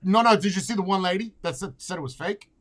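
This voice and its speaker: A man hosting a podcast in casual chat, talking bluntly and excitably with plenty of swearing. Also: sits high, quick pace, a crowd in the background. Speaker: podcast host.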